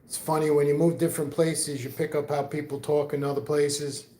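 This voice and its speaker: Outdoors on a windy day, a middle-aged livestream host from New York chats and rambles as he answers viewers, his mixed New York accent coming through. He talks a little fast in a fairly high, mellow voice with little pitch movement, and the audio sounds roomy.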